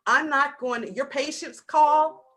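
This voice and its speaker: A woman with a Southern US accent giving an animated business talk over a video call, acting out little scenes in other voices. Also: sits high, measured pace. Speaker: business coach.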